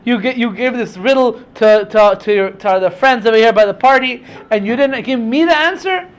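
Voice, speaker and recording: Man putting on a weepy young wife, whiny, accusing, high-pitched, in a retold story. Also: moderate pace, natural voice. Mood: tearful pleading. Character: tearful young wife pleading with husband.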